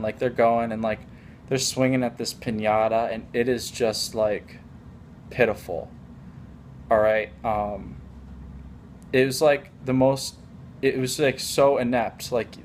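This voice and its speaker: A man's voice: medium pitch, a little hiss or hum. A young adult man telling a casual story in a rambling, mock-boastful way, full of filler words. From United States.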